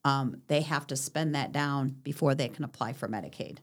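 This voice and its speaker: A woman with a low-pitched voice talks as a guest on a senior services show. She explains patiently, giving examples and affirming often. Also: moderate pace. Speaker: guest from senior living community. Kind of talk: casual interview chat.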